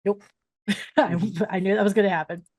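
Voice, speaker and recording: A woman's voice: mid-range voice, fairly even intonation, brisk, a little mellow, muffled recording. A woman playing in a tabletop game, chatting casually and teasing the others. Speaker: player.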